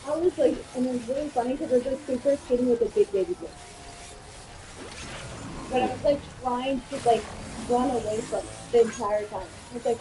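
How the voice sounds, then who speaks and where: A woman streamer chatting casually while she games, telling stories in an animated way, acting out quotes and swearing freely. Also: on the high side, a little fast, noisy background. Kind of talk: casual chat while gaming.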